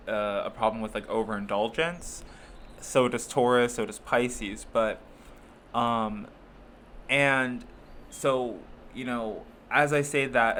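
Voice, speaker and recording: Bright-voiced chatty man reading tarot. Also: mid-range voice, a little hiss or hum. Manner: chatty, rambling, laughs often, many fillers; playful put-on voices for zodiac signs. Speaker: tarot reader. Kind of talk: casual solo tarot reading.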